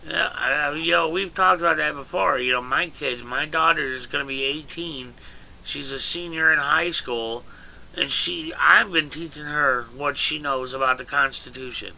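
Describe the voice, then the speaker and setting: A man's voice: on the high side, normal speed, gravelly, bright, forceful tone, a little hiss or hum, low-quality recording. A middle-aged man hosting a livestream, talking casually and emphatically. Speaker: livestream host. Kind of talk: casual chat.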